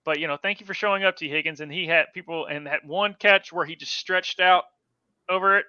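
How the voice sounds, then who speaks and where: This co-host's voice is a little high and fairly quick, with a sharp yet clear, resonant tone and no echo. He chats casually on a fantasy football podcast, rambling and correcting himself while his voice trails off. The sports talk comes through a dull, dry lo-fi mic.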